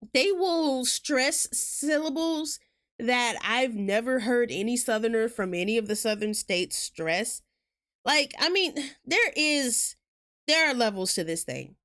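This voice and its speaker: Animated woman streamer on a tangent. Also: a little high. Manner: rambling, tangent-prone, laughs often. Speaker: game streamer. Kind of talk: casual chat while gaming.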